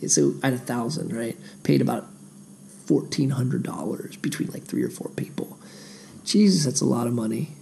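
A man's voice: medium pitch, expressive, moderate pace, dark tone, slight background noise. A man, an independent musician, talking through his memories in a digressive, self-deprecating casual monologue. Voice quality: gravelly.

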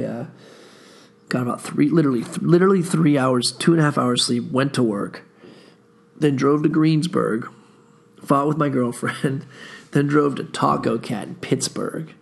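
A man's voice: mid-range voice, vocal fry, slightly rough. A tired man hosting a podcast, telling a long story in a laid-back, profane, rambling way. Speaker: podcast host. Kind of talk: casual rambling monologue.

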